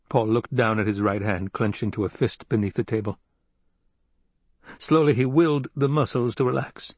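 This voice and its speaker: A man narrating an audiobook in a calm, even storytelling manner. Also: fairly low pitch, moderate pace, slightly rough, dry recording. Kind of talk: scripted narration.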